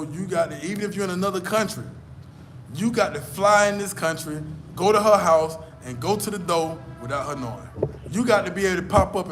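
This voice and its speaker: A man's voice: high voice, a bit bright, slight background noise. A man giving blunt, profane advice in a casual storytelling rant, hammering his points by repeating them. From United States. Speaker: vlogger.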